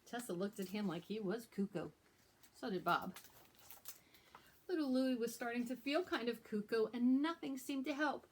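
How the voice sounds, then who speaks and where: A woman librarian reading a picture book aloud to young children in a gentle storytelling manner. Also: fairly high pitch, normal speed, slightly rough. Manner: gentle, warm storyteller talking to young listeners.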